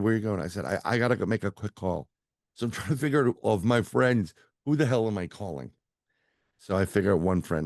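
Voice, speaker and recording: A middle-aged man who works as a psychic medium tells a rambling story over a video call, voicing the other people's lines himself in a casual interview-style chat. His voice is low, gravelly and somewhat dark, and the clean studio recording has no echo.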